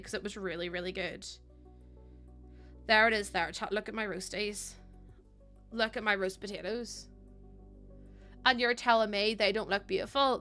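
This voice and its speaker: Girl chatting on stream, bright voice, laughs a lot, a bit of music in the back. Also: mid-range voice. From Ireland. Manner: chatty, laughs often, talks to chat. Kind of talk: casual live-stream chat.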